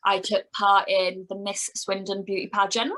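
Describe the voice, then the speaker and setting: A woman's voice: mid-range voice, completely flat delivery, moderate pace, a bit bright, low-quality recording. A woman in her thirties from Wales, a wrestler chatting casually as a podcast guest, rambling with lots of "like". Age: 30s. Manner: chatty, rambling, heavy use of "like".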